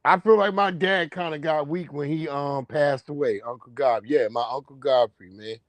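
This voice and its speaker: A man's voice: fairly high pitch, dry recording. A man hosting a livestream, telling rambling, profane stories in a casual monologue. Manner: profane, rambling, drawn-out storytelling. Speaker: livestream host.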